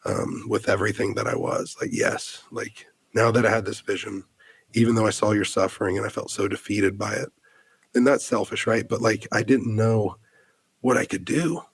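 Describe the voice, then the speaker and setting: Gravelly-voiced man telling an earnest story. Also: fairly low pitch, steady tone, moderate pace, no room sound. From United States. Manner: earnest and heartfelt, many "like" fillers and restarts. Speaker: guest. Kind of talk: podcast conversation, personal storytelling.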